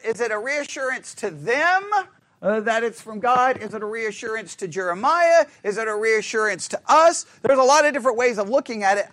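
Male Bible study leader, strikingly high voice, quizzes the class and drums points home by repetition. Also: a bit bright. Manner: asks the group questions, repeats phrases for emphasis. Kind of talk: interactive Bible study lesson.

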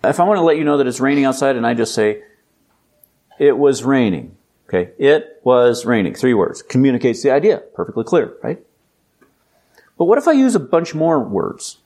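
A man preaching a sermon in a conversational, emphatic way, building up to loud, intense exhortation. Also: mid-range voice, very animated, a little fast, long pauses. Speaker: pastor.

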